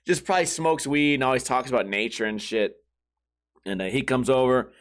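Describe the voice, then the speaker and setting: A man hosting his own show, chatting casually and swearing freely as he rambles through a story. His voice has a middle pitch for a man, and he breaks into other people's voices as he tells it. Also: fairly quick. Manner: profane, rambling, acts out quoted voices. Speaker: podcast host.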